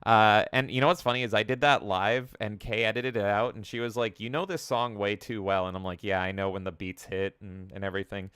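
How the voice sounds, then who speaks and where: A man's voice: on the low side, steady tone, brisk, hardly any pauses, a bit bright, clean tone, no room sound, clean studio sound. A man co-hosting a gaming podcast in casual chat, jokingly reading out live chat comments. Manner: chatty, jokey, reads chat comments aloud. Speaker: podcast co-host.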